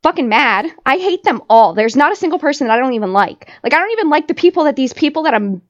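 High-voiced woman ranting, heavy swearing. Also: lively intonation, quick pace, dull audio. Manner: profane, heated ranting. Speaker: podcast co-host. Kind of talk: casual chat.

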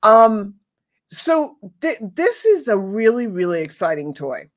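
A woman's voice: mid-range voice, very animated, unhurried, mellow. Rambling, enthusiastic woman reviewing pet toys. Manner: rambling, enthusiastic, many restarts. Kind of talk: casual chat.

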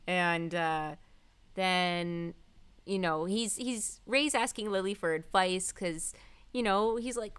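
A woman's voice: on the low side, takes it slowly, fairly bright tone, smooth. A woman co-hosting a podcast, chatting casually through an episode recap, giggling often and acting out the characters' lines. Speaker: podcast co-host.

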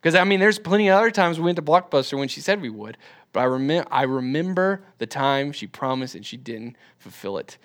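Man, twenties, fairly high pitch, casual church teacher, rambling, lots of fillers and restarts. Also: animated, brisk, fairly bright tone. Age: 20s. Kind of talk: casual classroom talk.

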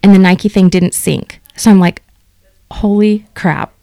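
A middle-aged woman with a fairly low voice chats as a guest in a casual interview, speaking at normal speed with no room sound. She tells stories animatedly and acts out the dialogue she quotes.

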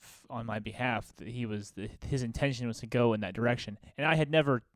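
A man's voice: mid-range voice, quick pace, dry recording, clean studio sound. A man in a casual roundtable chat, talking loosely with lots of fillers. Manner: loose, filler-heavy, agreeable.

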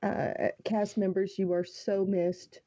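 A woman's voice: medium pitch, flat delivery, slow, mellow. Teasing woman podcaster. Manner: teasing, playful. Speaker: podcast co-host. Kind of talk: casual podcast chat. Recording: dull lo-fi sound with hiss.

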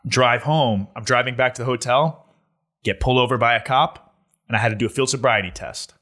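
A young man telling a story in casual chat, animated and laughing as he goes, with lots of filler words. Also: mid-range voice, brisk.

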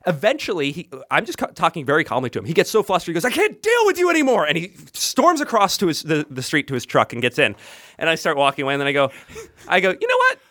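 A man hosting a podcast, telling a story in casual chat, animated and profane. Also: a little high, fast talker, no echo, clean studio sound. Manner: animated, profane, acts out quotes. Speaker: podcast host.

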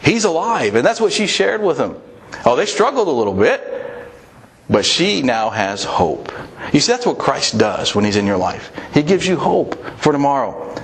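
A middle-aged man delivers a sermon in an earnest, conversational way, circling back and repeating phrases as he goes. His pitch sits in an ordinary middle range for a man. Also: big pitch swings, moderate pace. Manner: earnest, conversational preaching with repetitions. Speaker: pastor.

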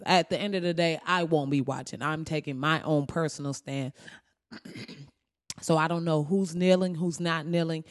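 A woman's voice: low voice, no echo, studio quality. A woman hosting a podcast, telling stories in casual, profane commentary and acting out the people she talks about. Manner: profane, animated storytelling with mimicry. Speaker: podcast host.

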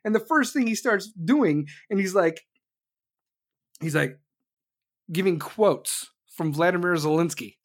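A commentator delivering an angry, sarcastic political rant full of swearing, speeding up in bursts and slowing down to hit a point. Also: medium pitch, expressive. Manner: jumps between fast bursts and slow emphasis.

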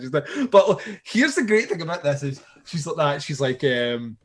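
A man with a somewhat high voice and a lively, animated delivery, co-hosting a casual podcast. He rambles through the plot, swearing freely and restarting his sentences. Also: moderate pace. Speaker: podcast co-host. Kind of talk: casual chat recapping a TV show.

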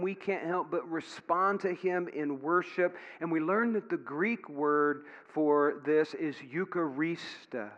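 In a church sanctuary, a middle-aged man serving as pastor delivers a sermon full of folksy stories and frequent fillers. His voice is fairly high-pitched with a fairly bright tone, and the recording is dull with long hall reverb.

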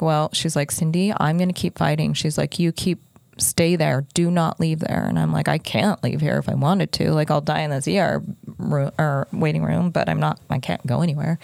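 Middle-aged woman, deep voice, casual storytelling, dry close recording. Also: gravelly, a little mellow, clean tone, no room sound. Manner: fast, breathless retelling with lots of quoted dialogue. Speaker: podcast guest telling her story.

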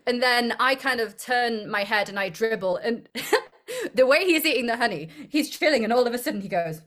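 A woman's voice: fairly high pitch, expressive, moderate pace, a bit bright. A young woman, an actress being interviewed, chatting casually, rambling and giggling often. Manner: giggly, rambling, self-deprecating.

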